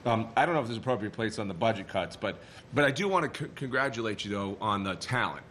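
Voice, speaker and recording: A man's voice: lowish voice, fast, slight background noise. Rambling Boston man at a meeting. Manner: animated, rambling, frequent restarts. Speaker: board member. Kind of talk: board meeting discussion.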